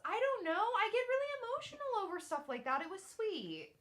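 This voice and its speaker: Woman, podcast co-host, bright voice, casual chat, laughing banter. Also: very high voice, a little fast. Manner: lively, laughing, scolding banter.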